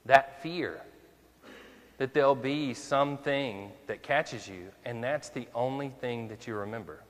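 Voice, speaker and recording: A man's voice: mid-range voice, measured pace, in a large hall. A male minister preaching a conversational sermon, full of rhetorical questions to the congregation.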